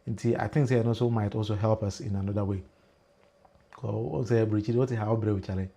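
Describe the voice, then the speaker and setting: A Ghanaian host runs a political livestream, laughing a lot and stressing points with emphatic rises as he blends Twi and pidgin English. He speaks fairly quickly in a fairly low, creaky voice.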